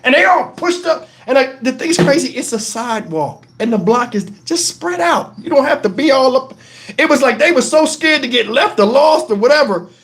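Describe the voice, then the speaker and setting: A man's voice: very high voice, normal speed. A man hosting a live stream, telling casual profane stories and laughing along. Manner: animated, profane, laughs through his stories.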